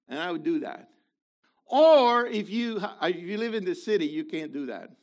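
A man preaching a sermon in an animated way, swinging between loud emphasis and quiet asides, with playful remarks along the way. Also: high voice.

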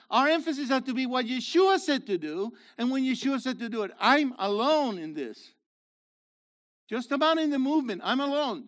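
A male congregation leader preaching with a high, lively voice that swoops up and down. He questions his listeners directly and presses his points with emphatic force. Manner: animated, rhetorical questions to congregation, rises to emphatic shouts. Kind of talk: sermon.

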